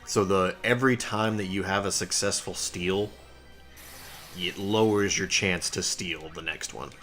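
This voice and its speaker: A man's voice: deep voice, measured pace, a bit bright. A young man casually commenting on his gameplay and explaining game mechanics. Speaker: let's play host. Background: game music.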